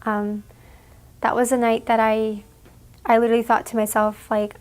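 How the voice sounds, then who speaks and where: A young woman giving an emotional personal account in an interview, halting and full of "like"s. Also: on the high side, level tone, a little mellow. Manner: halting, fillers, many "like"s.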